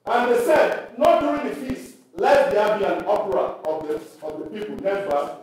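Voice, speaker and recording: A man's voice: high-pitched, very animated, moderate pace, a little mellow, slight background noise. A man leading a Bible teaching for church workers, reading scripture aloud and quizzing his listeners with questions. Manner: preacherly, asks the audience questions and reads scripture aloud. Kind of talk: Bible teaching at a leadership meeting. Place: church hall. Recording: echoey hall recorded from far off.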